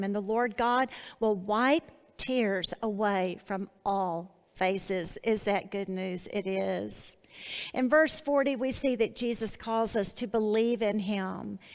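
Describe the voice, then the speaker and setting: Brief: woman Bible teacher, unhurried and deliberate, phrases broken by pauses, long reverb. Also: medium pitch.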